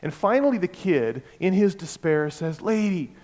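Emphatic preacher in an echoing hall. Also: male voice, on the high side, sing-song, moderate pace. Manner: emphatic, repeats key words, varies loudness. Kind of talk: sermon. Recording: long hall reverb.

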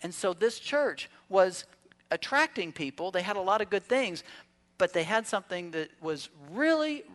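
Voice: mid-range voice, a bit bright. A pastor delivering a Sunday sermon to a congregation. The preaching is conversational, with questions put to the room and humorous asides mixed into the teaching. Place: church service.

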